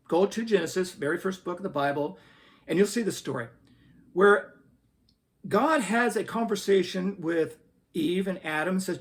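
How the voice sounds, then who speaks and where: A man hosting a Christian commentary video. He talks in an earnest, preacherly way and reads scripture aloud. His voice sits high and swings widely in pitch. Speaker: host.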